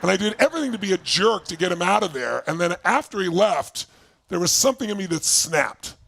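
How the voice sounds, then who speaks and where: A man in his sixties with a high, gravelly voice gives an animated motivational talk, acting out past conversations as he tells his story. The sound is dry and close, with almost no room echo. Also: brisk. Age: 60s. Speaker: motivational speaker. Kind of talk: motivational talk to an online audience. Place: home basement.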